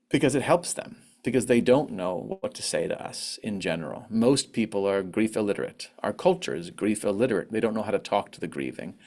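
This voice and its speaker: Candid man reflecting on grief. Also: a little mellow. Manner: candid, reflective, acts out quotes in a higher voice. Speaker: conference speaker on grief. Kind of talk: personal talk on grief. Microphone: online presentation mic.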